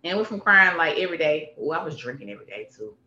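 Candid guest, bright forceful delivery, emphatic repeats; roomy, slightly muffled recording. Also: medium pitch, racing. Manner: emphatic and animated, repeats phrases for punch. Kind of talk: candid personal conversation. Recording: roomy, slightly dull sound.

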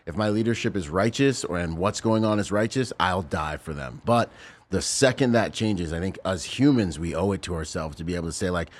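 Low-voiced man telling war stories. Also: fairly quick. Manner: intense storytelling, acts out quoted voices. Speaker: guest, Marine veteran. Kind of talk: casual podcast conversation.

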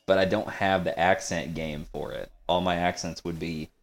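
A man's voice: sits low, fairly even intonation, normal speed, slight background noise. A man in his twenties co-hosting a podcast, laid-back and hesitant, telling stories casually. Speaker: podcast co-host. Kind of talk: casual storytelling chat.

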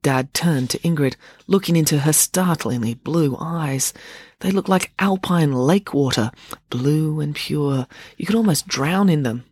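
A podcast host reading a children's book aloud in a lively, chatty way and talking directly to young listeners. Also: mid-range voice, measured pace, breathy edge, no room sound. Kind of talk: storybook narration.

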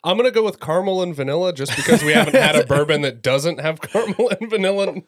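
Easygoing man co-host, a bit high. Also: animated, fast, no room sound. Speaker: podcast co-host. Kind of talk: casual chat over bourbon tasting.

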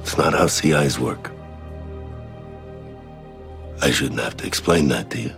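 A gravelly, hard-nosed police sergeant, as a man impersonates him, stern and curt. The voice sits extremely low with a rough fry. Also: brisk, fairly bright tone, soft background music, exaggerated voice.

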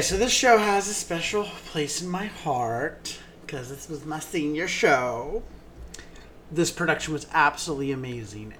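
A man's voice: on the high side, fairly bright tone, slight background noise. Gushing man reviewing theater shows. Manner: gushing, enthusiastic, with many ums. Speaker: theater podcast co-host. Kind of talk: casual theater review chat.

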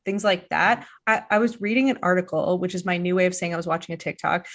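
A woman's voice: on the low side, fairly even intonation, quick pace, a bit bright. A woman hosting a podcast in a casual, rambling, self-deprecating way, swearing now and then. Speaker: podcast host. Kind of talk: casual chat.

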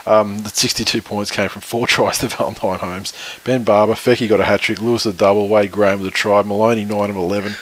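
An Australian man co-hosting a casual sports podcast, talking in a loose, rambling way full of swearing and blunt opinions. His voice sits a little low and has a husky, breathy edge. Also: little pitch movement, quick pace, hardly any pauses, poor audio. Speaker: podcast co-host.

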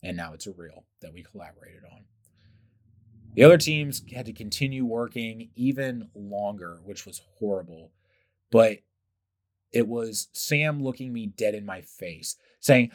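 A young man hosting his own podcast, telling workplace stories in a casual, animated way, with loud profane bursts and quiet asides. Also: fairly low pitch, moderate pace. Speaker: podcast host. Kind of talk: casual storytelling monologue.

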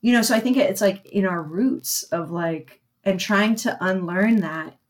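A woman's voice: mid-range voice, a little slow. A woman chatting casually on a podcast, rambling with lots of fillers and cracking jokes. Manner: rambling, jokey, many fillers.

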